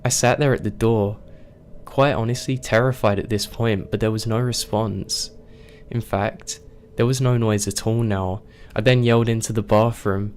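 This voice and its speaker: A man with a fairly low voice narrates a scary story in an unhurried, suspenseful way. A faint hiss sits under the recording. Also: steady tone, a little mellow. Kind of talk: scripted narration.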